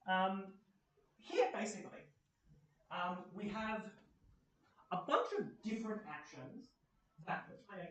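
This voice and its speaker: A man's voice: high voice, lively intonation, slow, long pauses, pushed and bright, a little hiss or hum. A young Australian man giving a casual, rambling workshop talk full of fillers. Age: young adult. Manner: chatty, rambling, many fillers. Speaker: workshop presenter. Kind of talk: casual lecture. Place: university lecture room. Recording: roomy echo, mic far off.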